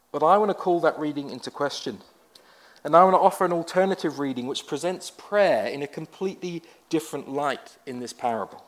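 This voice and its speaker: A man, a pastor telling a personal story in a conversational sermon with wry asides. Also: on the high side.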